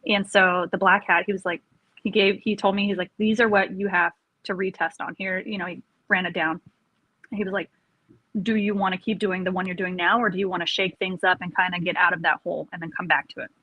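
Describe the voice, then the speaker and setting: A woman, an army career counselor, chatting casually and telling animated stories with frequent laughs. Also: on the low side, brisk, dry recording, lo-fi sound. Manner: animated storyteller, laughs often. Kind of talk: casual podcast chat.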